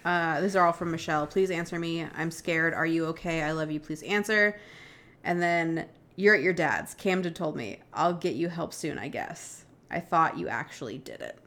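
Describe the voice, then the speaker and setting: A woman's voice: deep voice, normal speed, fairly bright tone. A woman co-hosting a podcast, casually retelling a true-crime case and reading out text messages, with lots of "like" and "um" fillers. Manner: chatty, many "like" and "um" fillers, quotes texts with "she goes". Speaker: podcast co-host.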